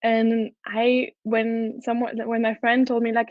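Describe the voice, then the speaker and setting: A woman's voice: a little high, completely flat delivery, a little slow, no room sound. A woman with a French accent giving an enthusiastic conference talk as a head of product, often restarting her sentences. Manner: enthusiastic, earnest, with frequent restarts. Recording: dull, dry lo-fi recording.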